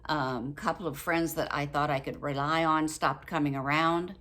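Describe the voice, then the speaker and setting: Older woman, low voice, casual vlog, chatty, laughs a lot, acts out sample phrases. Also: steady tone, moderate pace, a bit bright. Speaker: book review vlogger. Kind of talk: casual talk to camera.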